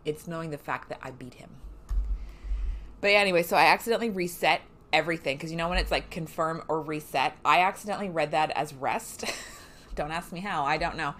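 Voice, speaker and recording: Her voice sits low with a slightly bright quality, and she talks fairly quickly. During a live game stream, she chats casually, curses freely and pokes fun at herself often.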